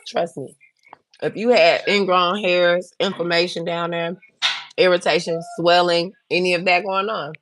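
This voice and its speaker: A woman with a fairly low, somewhat bright voice, fairly even intonation and a measured pace hosts a livestream. She speaks candidly and bluntly to her viewers, chatting as she doles out advice and recounts her own experiences.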